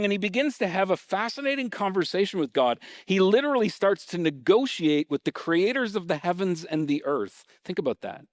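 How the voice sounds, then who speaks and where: A male pastor delivering a sermon with a fairly high voice and an easygoing, conversational delivery. He reads scripture aloud, then unpacks it with animated asides. The sound is close and dry, with no room echo. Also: a little fast, few pauses. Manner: animated and conversational, acting out reactions.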